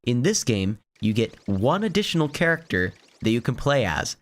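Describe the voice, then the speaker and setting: A hoarse man from Finland giving chatty, rambling gameplay commentary and laughing often. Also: mid-range voice, sing-song, moderate pace. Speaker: let's play host.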